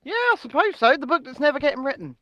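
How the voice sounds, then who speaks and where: A man co-hosting a comedy news podcast, with a high, lively voice that jumps around a lot. He jokes easily and rattles through show plugs. His voice sounds dry and close. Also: fast, no room sound, highs cut off. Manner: jokey, animated, plugs support links. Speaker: podcast co-host. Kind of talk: casual banter.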